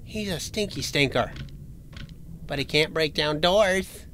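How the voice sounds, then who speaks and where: A man playing a horror game for his channel, joking and taunting the monster he's hiding from, with sudden yells and laughs. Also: fairly high pitch, takes it slowly, slight background noise. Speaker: gaming channel host. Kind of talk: let's play commentary.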